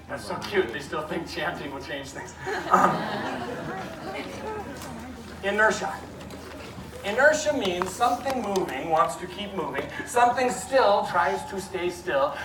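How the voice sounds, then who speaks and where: Male stage comic, playful asides, live show; distant mic, roomy hall, loud crowd. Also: high-pitched. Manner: playful, joking asides to the audience. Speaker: stage performer. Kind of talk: live comedy science show. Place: large hall before a live audience. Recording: echoey hall, mic from far off, crowd and noise.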